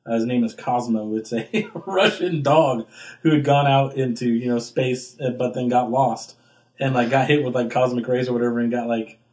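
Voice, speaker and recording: A man's voice: steady tone, normal speed, a little mellow. A young man co-hosting a casual podcast chat, rambling with lots of fillers. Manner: rambling, filler-heavy, acts out quotes with big pitch jumps. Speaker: podcast co-host.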